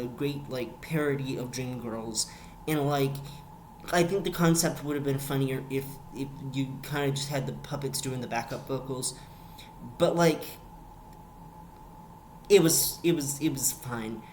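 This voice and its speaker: A young man talks through a show review in a loose vlog style, circling back on words and repeating lines for emphasis. His voice sits in a middle pitch. A faint hiss runs under the recording. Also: a little mellow.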